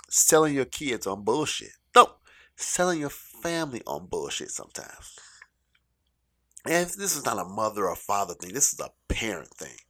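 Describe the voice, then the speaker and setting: Delivering a stand-up comedy story in a lowish voice, a middle-aged man is animated and profane, alternating loud outbursts with quieter asides.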